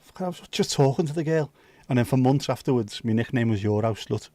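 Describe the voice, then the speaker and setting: With lively intonation and a warm tone at an everyday middle pitch, a livestream host fields viewer questions from home using swear-laden humor and quick side comments. The sound is dry and close, with no reverb.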